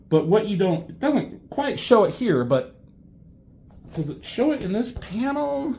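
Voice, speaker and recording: A man reviewing a comic in a casual, rambling way, swearing often and filling pauses with ums. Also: high-pitched, very animated, vocal fry, darkish tone. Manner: rambling, swears a lot, many fillers. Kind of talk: casual chat.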